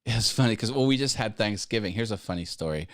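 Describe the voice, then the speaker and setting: This host talks fast in a fairly low voice with lively intonation during a casual YouTube live stream. He rambles, interrupts himself to start sentences over, and chuckles at his own humor.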